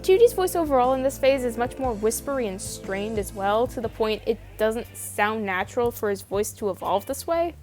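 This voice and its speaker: A young woman reads her video essay script with a high voice, wry and opinionated, swearing now and then. Soft music plays beneath her narration. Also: animated, normal speed, hardly any pauses. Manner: opinionated, wry, casually profane.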